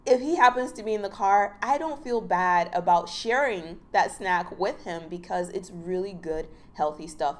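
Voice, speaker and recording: A woman in her thirties talks straight to camera in an easy, chatty vlog. She pokes fun at herself and keeps things playful. Her voice sits a little low. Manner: chatty, playful, self-mocking. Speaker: fitness vlogger. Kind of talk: casual vlog talk to camera.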